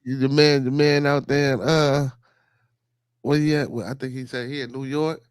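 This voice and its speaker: A man's voice: medium pitch, little pitch movement, normal speed, smooth, dry recording. A man hosting a casual livestream podcast, greeting viewers and rambling loosely with repeated phrases. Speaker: podcast host.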